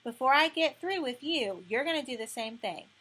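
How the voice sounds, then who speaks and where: Streetwise bossy girl, blunt and slangy, slightly high voice, read by a woman narrator. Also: animated, moderate pace, bright, forceful tone, breathy edge, full character voice. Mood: brash, bossy. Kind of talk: audiobook reading.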